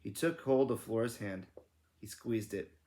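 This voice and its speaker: A man's voice: on the low side, a little slow, warm tone. A man reading a children's book aloud in a casual, self-correcting way, stopping to comment. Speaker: read-aloud narrator.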